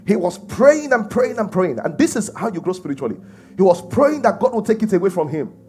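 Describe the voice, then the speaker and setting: A man's voice: high-pitched, big pitch swings, fairly quick, mellow, faint music behind. A man preaching a sermon, emphatic and full of rhetorical questions. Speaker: pastor.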